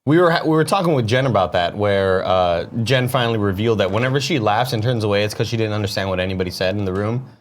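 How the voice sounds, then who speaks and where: Animated man chatting casually. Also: lowish voice, fast talker, hardly any pauses, slight background noise. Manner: animated, slips into put-on British accents. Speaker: show regular back from a trip. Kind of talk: casual chat. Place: studio.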